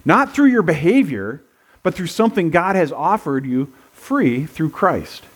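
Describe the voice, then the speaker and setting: A man's voice: a little high, sing-song, unhurried, husky. A middle-aged male pastor giving a sermon in a loose, conversational way, full of asides and restarts.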